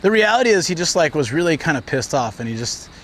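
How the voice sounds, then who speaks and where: A man's voice: fairly high pitch, big pitch swings, fast talker, fairly bright tone. A man livestreaming while walking outdoors, telling stories in a rambling way with lots of fillers. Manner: rambling storytelling with frequent fillers. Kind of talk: casual walking livestream chat. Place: outdoors on city streets. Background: traffic and city ambience.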